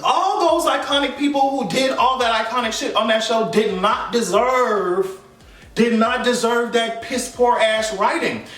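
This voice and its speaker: A man's voice: very high-pitched, a little slow, fairly bright tone, distant mic. A man delivering a heated, emphatic and profane fan rant as a vlogger. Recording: echoey room, voice off mic.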